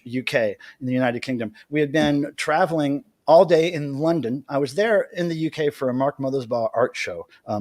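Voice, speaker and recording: An American man hosting a livestream from home, telling a story in an animated, chatty way. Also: fairly high pitch, no room sound, studio quality. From United States. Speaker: livestream host.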